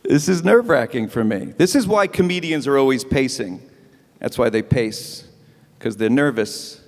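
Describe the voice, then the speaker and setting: Animated male stand-up comic in a reverberant hall. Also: mid-range voice, moderate pace. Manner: animated, chatty, self-mocking, acts out bits. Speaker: stand-up comedian. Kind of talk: stand-up comedy set. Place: event hall with live audience.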